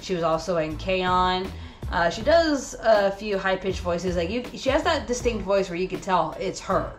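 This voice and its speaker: A woman hosts a casual anime review, chatting eagerly and stumbling through fillers. Her voice sits at an ordinary pitch. Faint music plays behind her. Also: animated, normal speed. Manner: chatty, enthusiastic, full of fillers.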